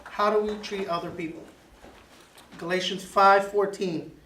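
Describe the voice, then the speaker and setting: A high-pitched man leads a Bible class, hammering his points home by repeating key words. His voice is caught from across an echoey classroom, with a faint hiss behind it. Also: steady tone, a little slow, pushed and bright, recorded from a distance.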